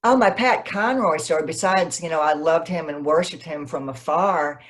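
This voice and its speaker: A woman novelist, a guest in an interview, telling stories in a lively way and acting out what people said. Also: low-pitched, normal speed. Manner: animated, acts out quoted dialogue. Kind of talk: conversational interview, storytelling.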